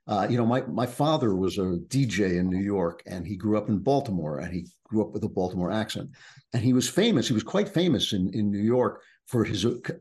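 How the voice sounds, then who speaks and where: A middle-aged man with a fairly low, husky voice talks through his work in a relaxed conversational way. He tells stories and restarts phrases as he thinks aloud. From United States, Long Island. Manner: reflective, anecdotal, with repeated restarts. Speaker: author guest. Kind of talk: conversational book talk.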